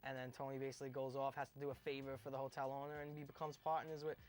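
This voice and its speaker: Fast, flat-voiced male actor. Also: mid-range voice, slight background noise. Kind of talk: interview about a role.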